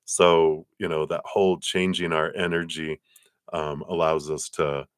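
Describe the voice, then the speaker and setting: Deep-voiced man giving a live tarot reading. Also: flat delivery, unhurried, clear, resonant tone, no echo, studio quality. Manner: chatty, laughs often, reads card texts aloud. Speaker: tarot card reader. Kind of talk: live-streamed card reading.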